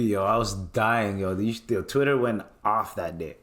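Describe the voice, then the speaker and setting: It's a podcast host's casual comedic rant: a man with a fairly low voice at moderate speed, animated, profane and often laughing.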